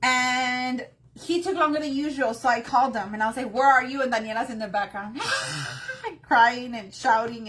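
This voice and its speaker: A woman's voice: on the high side, fairly bright tone. A woman hosting a live craft tutorial on her phone, chatting and greeting viewers by name between steps. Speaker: craft workshop host.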